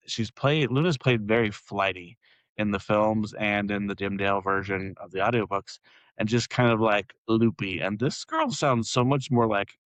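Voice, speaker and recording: Chatty man with a low voice. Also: fairly bright tone, dry recording, poor audio. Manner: chatty, rambling with fillers and laughs. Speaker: podcast co-host. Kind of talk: casual chat.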